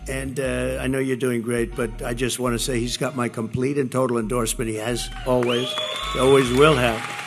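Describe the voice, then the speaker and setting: Gravelly man giving a rally speech. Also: mid-range voice, little pitch movement, normal speed, soft background music, a faint crowd. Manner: rambling, repetitive, boastful. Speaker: politician addressing a rally.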